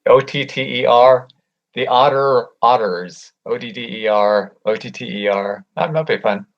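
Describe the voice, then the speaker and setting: A man's voice: mid-range voice, unhurried. A man joining a live audio chat as a guest writer, laid-back and wry. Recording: dull lo-fi audio.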